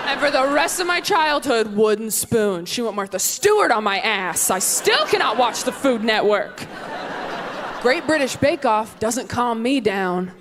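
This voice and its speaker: A young woman does stand-up on a handheld mic, her voice sitting a touch high. She talks in a quick, deadpan way and swings up high when she acts out other people. The live room carries a clear layer of noise behind her. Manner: quick deadpan delivery, high-pitched voice for acted quotes. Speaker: stand-up comedian. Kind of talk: stand-up routine. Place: comedy stage before a live audience. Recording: noisy live room with audience.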